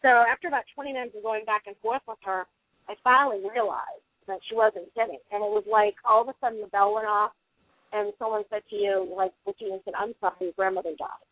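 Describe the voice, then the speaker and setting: A middle-aged woman, a paranormal investigator, telling long animated stories as a guest in a radio interview. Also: medium pitch, fairly quick, dry recording. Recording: tinny dry phone line.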